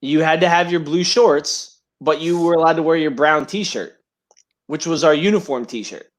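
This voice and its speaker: A man's voice: on the high side, moderate pace. Profane, rambling male podcast co-host. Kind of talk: casual podcast banter.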